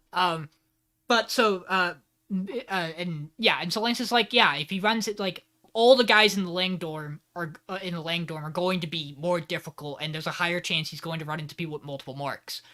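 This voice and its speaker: A man co-hosting a podcast, excitedly recapping an anime episode and acting out quotes with laughs. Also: high-pitched, normal speed. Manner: animated retelling with acted-out quotes and laughs. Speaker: podcast co-host. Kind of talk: casual anime recap chat.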